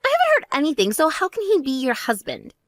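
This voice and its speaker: A woman voicing a spoiled, vain young woman who talks in a mocking, shrill and demanding way. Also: huge pitch swings, quick pace, no room sound, studio quality. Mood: indignant.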